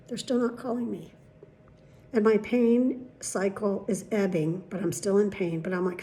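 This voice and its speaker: Woman vlogger, casual storytelling monologue, profane and exasperated, voices the people she quotes, slightly high voice. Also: moderate pace, warm tone.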